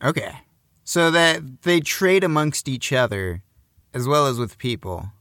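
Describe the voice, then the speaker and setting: A man trading wry jokes in casual podcast banter. His voice is bright and forward at a middle pitch. It is recorded close and dry. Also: unhurried, no room sound. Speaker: podcast co-host. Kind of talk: casual chat.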